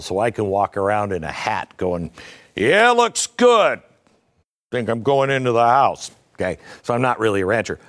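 Slow, sardonic middle-aged male host. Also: fairly low pitch. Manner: sardonic, conversational, self-mocking asides. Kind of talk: opinion talk show monologue.

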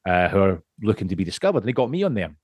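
A man's voice: low-pitched, sing-song, rapid-fire, darkish tone, breathy edge, no echo, studio quality. A Scottish man on a podcast as a guest, chatting casually, rambling, swearing freely and laughing often. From Scotland.

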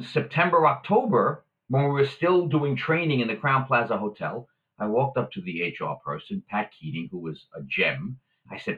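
A man telling a story as a guest in casual conversation, animated and acting out the voices of the people he quotes. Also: mid-range voice, narrow, tinny audio.

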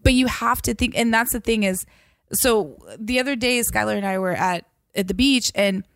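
A woman's voice: a little high, moderate pace, no room sound. Chatty woman telling stories, dry mic. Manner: chatty storyteller, lively quoted voices. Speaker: podcast co-host. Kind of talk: casual chat.

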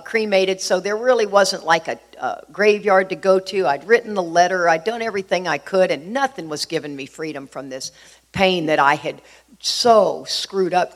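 Middle-aged woman, earnest storyteller, chatty with lots of fillers, sharing her recovery story. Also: fairly low pitch. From Houston, Texas. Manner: heartfelt, earnest, conversational with many fillers. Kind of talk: personal storytelling talk.

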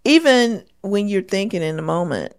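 A woman's voice: mid-range voice, animated, moderate pace. A woman co-hosting a podcast, chatting casually and telling stories. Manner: chatty, storytelling, laughs often. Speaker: podcast co-host. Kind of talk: casual relationship talk.

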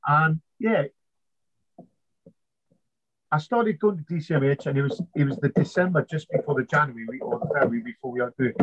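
A British man, a navy veteran and interview guest, telling his story in an animated way, swearing freely and acting out past conversations. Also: mid-range voice. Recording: slightly muffled lo-fi sound.

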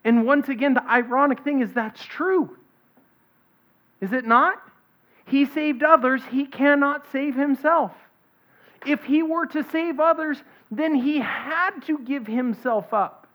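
A woman preaching an expository sermon, reading scripture aloud and stressing its points in a deliberate way. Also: high voice. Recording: dull lo-fi recording.

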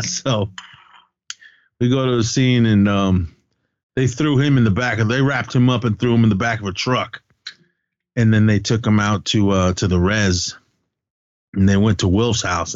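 A man's voice: on the low side, no room sound, muffled recording. A man co-hosting a podcast, casually retelling a movie plot with quoted lines. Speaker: podcast co-host.

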